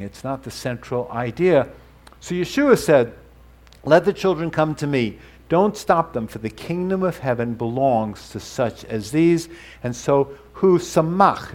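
Guy preaching a sermon, kinda high voice, teacherly, stops to explain stuff. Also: a little mellow. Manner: teacherly, explains terms and asides. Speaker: pastor.

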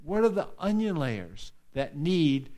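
A man's voice: fairly high pitch, big pitch swings, slow pace, dark tone. A man preaching a sermon to a congregation, earnest and direct, repeating key phrases for emphasis and putting questions to his listeners. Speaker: pastor.

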